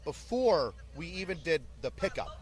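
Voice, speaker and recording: A man's voice: on the high side, moderate pace. A man who is an army drill sergeant, telling stories animatedly in an interview and barking out orders. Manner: animated, barks quoted orders. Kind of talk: storytelling in an interview.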